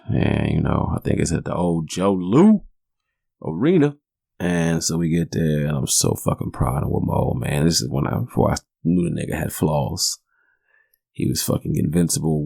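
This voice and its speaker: A man's voice: rumbling low, creaky, darkish tone, no room sound, clean studio sound. A man in his forties hosting a podcast, telling stories in a rambling, profane, joking way. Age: 40s. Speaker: podcast host. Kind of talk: casual storytelling monologue.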